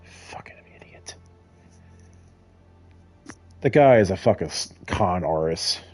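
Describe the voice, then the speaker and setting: A middle-aged man rants casually while he plays a game, swearing constantly and laughing as he goes. His voice is mellow and dark, but his pitch swoops up and down as he gets worked up. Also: lively intonation, normal speed, faint music behind. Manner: profane, heated storytelling with frequent laughs. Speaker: gamer. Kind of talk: casual rant while gaming.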